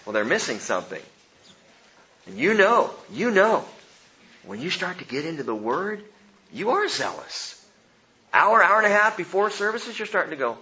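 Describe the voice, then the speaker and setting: A male pastor preaching a sermon, animated, swinging between loud emphasis and hushed low lines. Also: normal speed, pauses often, lo-fi sound.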